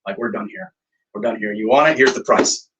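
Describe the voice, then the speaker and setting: A songwriter and producer tells stories casually in an interview, animated, acting out quoted dialogue and using lots of fillers. His voice is on the low side and brisk, and he sounds far from the mic, with background noise.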